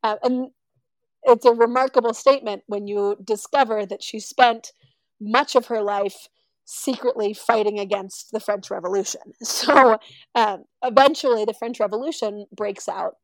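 A woman's voice: mid-range voice, moderate pace, no room sound, rough recording. A woman telling a story casually, acting out the people she quotes. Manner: animated, acts out quoted voices.

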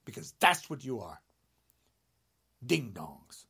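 A man in his sixties delivering an angry rant to camera, indignant and sarcastic, swinging between shouted jabs and low muttering. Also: big pitch swings, slow, vocal fry, slightly rough. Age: 60s. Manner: mocking sarcasm. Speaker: vlogger.

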